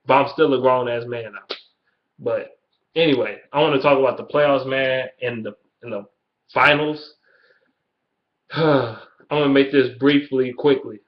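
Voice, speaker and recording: A man's voice: medium pitch, unhurried, long pauses. A young man in his early twenties with a Detroit accent, ranting bluntly and swearing constantly in a casual video. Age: early 20s. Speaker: YouTuber. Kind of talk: profane casual rant. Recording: dull lo-fi webcam audio.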